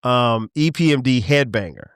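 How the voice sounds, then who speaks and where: A middle-aged man hosting a podcast, talking in a relaxed, rambling way with many restarts. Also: mid-range voice, normal speed, clear, resonant tone, no echo, clean studio sound. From southern US. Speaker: podcast host. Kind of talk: casual conversation.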